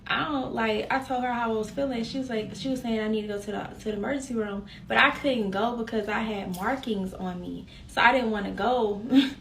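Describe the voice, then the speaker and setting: A young woman, telling a personal story in a casual, animated way and talking straight to her viewers. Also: a little high, fairly quick, creaky, recorded from a distance, slight background noise. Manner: animated, addresses viewers directly.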